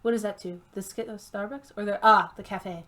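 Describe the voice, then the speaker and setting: A woman's voice: medium pitch, fairly even intonation, a bit bright. A woman streaming a game, reading its text aloud and chatting casually, laughing often and tripping over unfamiliar names. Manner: giggly, reads slowly and stumbles on names.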